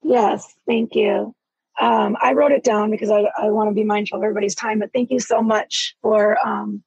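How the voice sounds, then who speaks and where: A woman's voice: fairly high pitch, gravelly, darkish tone, slightly rough, no room sound, rough recording. An earnest, urgent woman asking a long, emphatic question in an online panel discussion. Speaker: caller.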